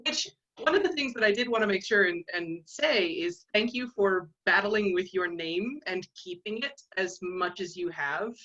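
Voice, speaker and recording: A woman's voice: mid-range voice, animated, a little slow, a bit bright. A woman chatting on a video call, speaking with wry, self-deprecating humor. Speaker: fan and soon-to-be minister. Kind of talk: casual chat. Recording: slightly dull video call audio.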